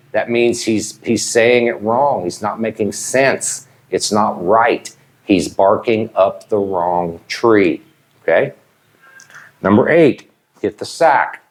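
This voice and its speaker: A man from Ohio, teaching slang at a whiteboard. He talks slowly and deliberately and keeps checking in with "okay?". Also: fairly low pitch, a little mellow. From Ohio, USA. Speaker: English teacher. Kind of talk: whiteboard lesson explaining slang.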